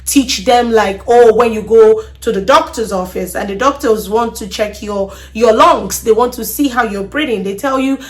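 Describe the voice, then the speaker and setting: A woman's voice: a little high, normal speed, few pauses. A woman hosting a parenting talk, speaking earnestly, often repeating words and checking in with "okay?" as she explains. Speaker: podcast host.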